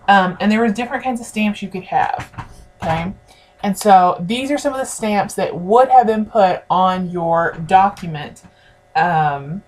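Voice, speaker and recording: A woman's voice: medium pitch, darkish tone. A woman teaching a history lesson in a conversational way, speaking directly to her students. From United States. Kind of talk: recorded classroom lecture.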